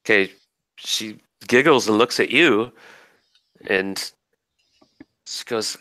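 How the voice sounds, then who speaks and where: A man with a lowish, bright and forceful voice runs a tabletop game as game master. He describes the scenes in detail at an unhurried pace, with fillers, and the sound is dry and close. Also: steady tone, no echo.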